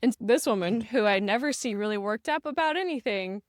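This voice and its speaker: A woman's voice: fairly high pitch, animated, brisk, no room sound, studio quality. A woman co-hosting a casual podcast, chatty and agreeable, often backing up her partner. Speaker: podcast co-host.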